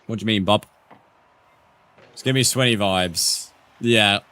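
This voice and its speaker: Young streamer, lowish voice. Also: male voice, a little slow, pushed and bright. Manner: casual, swears often, banters with viewers. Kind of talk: live gaming commentary, reading chat.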